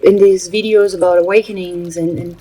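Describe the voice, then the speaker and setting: This earnest spiritual channel host is from Brazil and speaks Portuguese natively, talking in a casual vlog style with halting delivery and lots of filler pauses. Her voice sits on the low side, mellow, with fairly even intonation. The recording quality is low.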